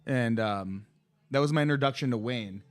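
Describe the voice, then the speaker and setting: A man's voice: medium pitch, normal speed. A man in his thirties, a podcast guest, telling a long story in casual chat, rambling and swearing with many restarts and fillers.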